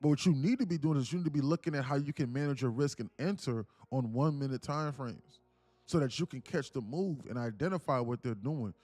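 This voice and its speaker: A man's voice: medium pitch, a little fast, dry recording. Rambling man streaming live trading. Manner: rambling, heavy use of "like", animated.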